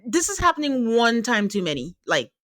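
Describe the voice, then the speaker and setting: Animated woman laughing through a recap. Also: a little high, normal speed, no room sound, clean studio sound. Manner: animated, laughing, acting out quotes. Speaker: podcast host. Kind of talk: casual reality-TV recap chat.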